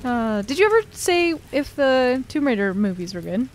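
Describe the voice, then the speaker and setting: A woman's voice: on the high side, big pitch swings, normal speed, slight background noise. A woman co-hosting a let's-play, chatting and teasing casually while her partner plays. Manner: chatty, teasing, asks questions. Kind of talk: casual gameplay chat.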